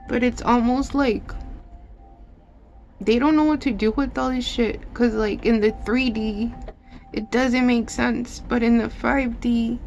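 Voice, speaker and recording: A woman's voice: fairly high pitch, fairly even intonation, measured pace, vocal fry, a little mellow, highs cut off, a little hiss or hum. A woman giving a casual tarot reading in a loose, emotional way, swearing often and saying "like" a lot. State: teary at times. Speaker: tarot reader.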